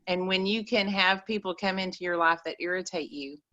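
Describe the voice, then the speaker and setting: Bright-voiced woman coaching earnestly. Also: fairly low pitch, brisk, muffled recording. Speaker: co-host, life coach. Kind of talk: spiritual coaching talk.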